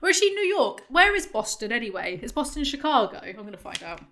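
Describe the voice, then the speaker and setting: A woman's voice: high voice, very animated, quick pace. Sarcastic young woman rambling. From southwest England. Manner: sarcastic, rambling, swears freely. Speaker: YouTuber. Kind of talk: comedic commentary vlog.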